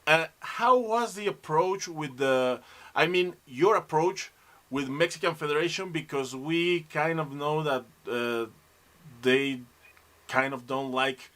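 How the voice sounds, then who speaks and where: A man hosting a podcast, speaking English as a Spanish speaker. His voice is bright and a bit high. He stumbles and restarts as he builds his questions. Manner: halting, many restarts and fillers. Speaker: podcast host. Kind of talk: interview questions.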